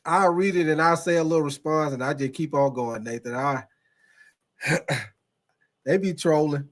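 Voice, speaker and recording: A man's voice: fairly high pitch, moderate pace. A man hosting a casual sports podcast who talks in a loose, rambling way, addresses his chat directly and laughs often.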